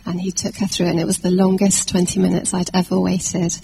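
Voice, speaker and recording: A woman from England preaching a sermon, telling a personal story in a lively anecdotal way with fillers and restarts. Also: on the low side, brisk, creaky, noisy background.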